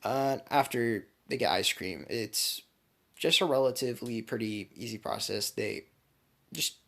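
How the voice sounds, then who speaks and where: A man's voice: medium pitch, unhurried, vocal fry, a bit bright. A young man casually telling a fan-made story to his channel, rambling with fillers and the odd swear. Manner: rambling, with many fillers and profanity. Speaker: YouTube storyteller.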